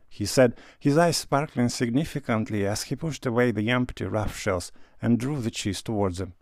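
A man narrating a classic novel in a measured, even reading. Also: mid-range voice, gravelly, no echo, clean studio sound. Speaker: audiobook narrator.

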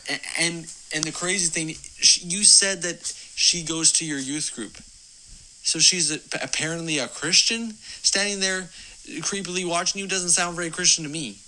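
Man, advice segment, emphatic, earnest, very bright tone. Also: fairly high pitch, low-quality recording. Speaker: advice giver on a call-in segment. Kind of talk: advice on a podcast.

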